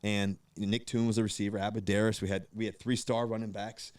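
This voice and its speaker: Man, 30s, podcast guest. Animated storyteller, low-set voice, dry mic. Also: brisk, no echo. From Virginia, USA. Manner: animated, acts out quoted voices, many fillers and restarts. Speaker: guest, pro football quarterback. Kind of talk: storytelling in casual podcast chat.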